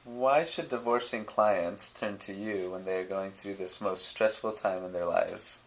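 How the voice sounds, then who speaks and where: Low-voiced man asking questions off-mic. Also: a little slow, slight background noise, poor audio. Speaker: off-camera interviewer. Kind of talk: reading interview questions.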